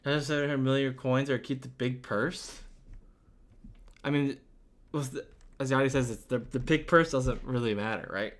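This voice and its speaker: A man's voice: medium pitch, steady tone, moderate pace, a bit bright. A young man chatting casually on a game stream, rambling through answers to chat with lots of fillers and restarts.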